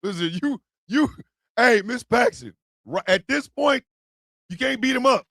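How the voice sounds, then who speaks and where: A man hosting a comedy show, ranting in a profane, animated way with yelled bursts. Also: extremely high pitch, moderate pace, gravelly, dry recording, clean studio sound. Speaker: host. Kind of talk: comedic rant commentary.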